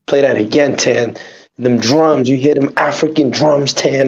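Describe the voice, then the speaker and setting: A man hosting a podcast in casual chat, giving quick, playful instructions in a gravelly, husky voice. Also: medium pitch, darkish tone. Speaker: podcast host. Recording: dull lo-fi audio.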